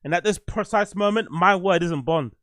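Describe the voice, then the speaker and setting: A man's voice: high-pitched, moderate pace, a bit bright, dry recording, clean studio sound. A man hosting a casual livestream chat, rambling, swearing and running himself down. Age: adult, "you get older". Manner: swearing, rambling, self-deprecating. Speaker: podcast host.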